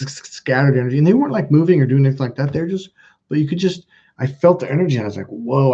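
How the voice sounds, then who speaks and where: A man's voice: medium pitch, dark tone, muffled recording. A man in his fifties, a self-help coach, talking in a rambling, emphatic off-the-cuff monologue with frequent restarts. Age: 50s. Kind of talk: casual off-the-cuff monologue to camera.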